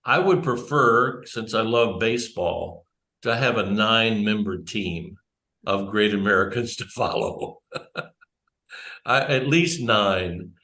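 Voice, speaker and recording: In a church room before a small audience, a man gives a conversational talk, rambling, digressing and correcting himself. His voice is fairly low and sharp, slow but with lively intonation, and the recording has a roomy echo.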